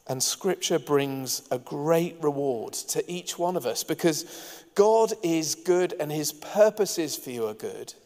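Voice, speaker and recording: A man's voice: on the high side, expressive, takes it slowly. Man preaching in a reverberant hall. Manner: earnest, warm preaching with asides to the congregation. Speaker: pastor. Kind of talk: sermon. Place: church hall.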